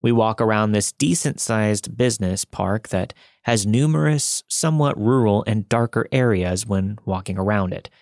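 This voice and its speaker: Low, dry-voiced male story narrator. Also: normal speed, few pauses, darkish tone, no echo. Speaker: podcast narrator reading listener stories. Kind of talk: scripted narration.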